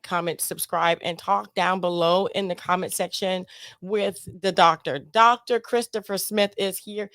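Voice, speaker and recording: A woman hosting an interview podcast, fast-talking and excitable, in casual chat. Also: medium pitch, dry recording, studio quality. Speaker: podcast host.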